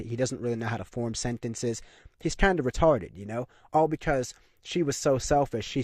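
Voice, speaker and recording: A young man talking straight to camera in a heated, insistent rant, hammering the same points again and again with plenty of "you know" and "like". His voice sits at an ordinary middle pitch. The recording is dry and close, with no room sound at all. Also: a little mellow, dry recording. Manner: emphatic, repetitive ranting with frequent fillers. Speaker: commentary channel host. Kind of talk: opinionated monologue to camera.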